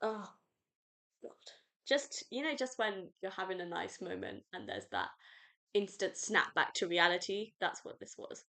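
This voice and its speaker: A woman's voice: medium pitch, big pitch swings, unhurried, creaky, sharp tone. A British woman hosting a casual solo book review podcast, rambling and gushing with lots of fillers. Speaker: podcast host.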